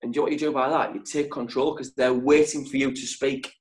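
A man leading a sales training session over a video call, speaking in short, punchy phrases with deliberate pauses. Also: mid-range voice, flat delivery, rough recording. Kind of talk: motivational training talk.

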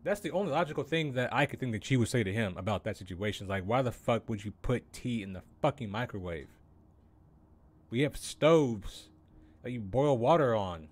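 A young man ranting casually on a game live stream, incredulous and profane, calling everyone "bro". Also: medium pitch.

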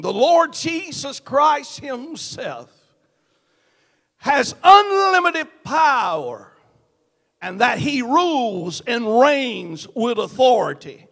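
Man, southern US accent, pastor, high voice, slow deliberate delivery, builds to shouting, long church reverb. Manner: rising from quiet prayer to shouted preaching. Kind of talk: sermon. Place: church sanctuary.

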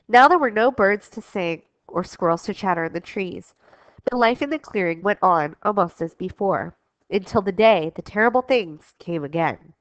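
A woman's voice: mid-range voice, moderate pace, dry recording. Woman teacher narrating a storybook for class, dry and dull lo-fi sound. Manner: clear expressive reading, instructive. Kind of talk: storybook read-aloud lesson.

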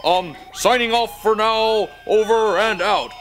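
A man's voice: sits high, slow pace, over music. A man voicing an eager, goofy male puppet dog who gasps and stumbles over his ideas in a children's TV puppet show. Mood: excited. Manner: excitable, bumbling, gasping.

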